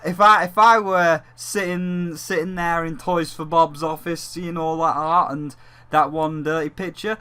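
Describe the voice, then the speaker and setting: Bright-voiced gaming vlogger. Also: male voice, on the high side, fairly even intonation, unhurried, clean tone. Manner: rambling, joking, swears freely; speaks as a dragon persona. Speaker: gaming channel host. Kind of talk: casual gaming vlog commentary.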